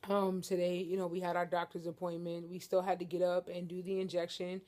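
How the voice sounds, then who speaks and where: A woman's voice: lowish voice, completely flat delivery, a little fast, dark tone. Joking young woman chatting on her couch. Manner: joking, playful, addresses viewers as y'all. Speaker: vlogger. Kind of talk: casual chat to camera. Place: living room couch at home.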